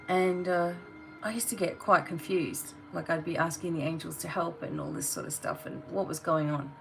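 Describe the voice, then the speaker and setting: A woman's voice: fairly low pitch, moderate pace, gravelly, soft background music, poor audio. A woman giving a tarot reading, talking straight to the viewer in a blunt, motivating way. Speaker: tarot reader.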